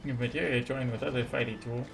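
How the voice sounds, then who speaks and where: A man reading lines for a goblin craftsman in halting, broken speech, mostly in his own voice. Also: mid-range voice, creaky, noisy background, lightly acted. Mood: earnest. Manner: halting pidgin phrasing, read flatly. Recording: game music behind.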